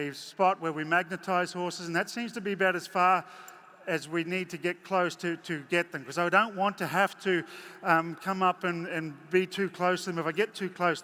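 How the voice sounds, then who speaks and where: A horse clinician with a high-pitched, sharp voice gives a live training demonstration in a large arena. He chats folksily and does playful voices for his horses, recorded with echo and faint crowd noise.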